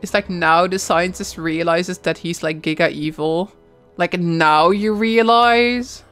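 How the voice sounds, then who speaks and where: A young woman streaming a video game, reacting with loud, playful outrage and frequent yelling and laughter. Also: on the low side, slow pace, dry recording, faint music behind.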